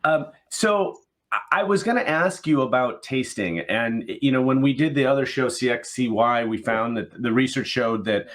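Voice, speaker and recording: A man's voice: medium pitch, lively intonation, normal speed, a bit bright. A man hosting a video interview, asking questions in a friendly, joking way. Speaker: podcast host. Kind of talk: conversational interview. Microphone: video call.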